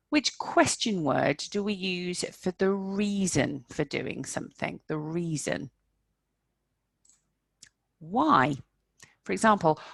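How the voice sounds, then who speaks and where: A woman teaching an online English lesson, speaking slowly and clearly, repeating example questions with exaggerated intonation. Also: lowish voice, no room sound. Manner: slow, carefully enunciated teaching with exaggerated intonation.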